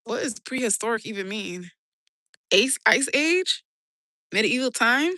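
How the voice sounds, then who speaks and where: A woman's voice: on the high side, animated, unhurried, pushed and bright, dry recording. A young woman with a New York accent, chatting casually on a livestream, slangy and laughing often as she answers her chat. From New York City. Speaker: live streamer reading chat.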